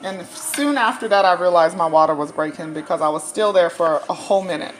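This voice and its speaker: A woman's voice: fairly low pitch, fairly quick. Chatty woman storyteller in a kitchen. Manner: animated, laughing, chatty. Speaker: dietitian sharing a personal story. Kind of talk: casual storytelling while cooking. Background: cooking clatter, faint music.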